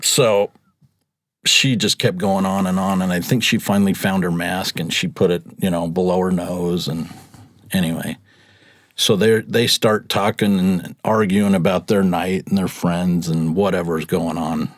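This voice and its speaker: A man's voice: sits low, flat delivery, unhurried, no echo, studio quality. A man, casually telling stories as a podcast guest and acting out what others said. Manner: chatty, laughs often, acts out quotes. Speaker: podcast guest, rideshare driver. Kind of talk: casual storytelling.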